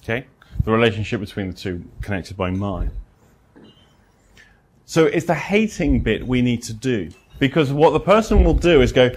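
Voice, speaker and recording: A man's voice: medium pitch, moderate pace, a little hiss or hum. A British man giving a live lecture to therapists, acting out client conversations with dry humor. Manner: animated, acts out client dialogue, dry humor. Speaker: presenter.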